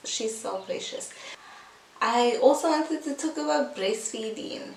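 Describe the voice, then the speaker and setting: A woman's voice: on the high side, expressive, a little slow, vocal fry, darkish tone. A young woman, a new mother, chatting in a casual, heartfelt vlog, full of "like" and "um". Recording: echoey room, mic at a distance, faint hiss.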